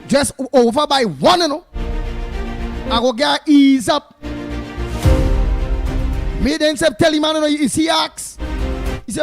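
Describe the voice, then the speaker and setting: A Trinidadian man with a very high voice hosts a call-in radio show. He talks in an animated, story-telling way, now and then bursting out loud or singing a line. Faint music plays behind him. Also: measured pace, gravelly, pauses often. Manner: animated, loud outbursts, sings snatches, mimics others.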